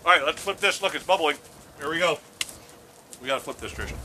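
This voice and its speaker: A middle-aged man talks his way through a backyard pizza cook, joking at his own slips. His fairly high voice rises and falls freely. Steady noise sits clearly behind him outdoors. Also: quick pace. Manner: chatty, self-mocking, upbeat. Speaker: grilling show host. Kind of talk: casual cooking demo. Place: outdoors at grills.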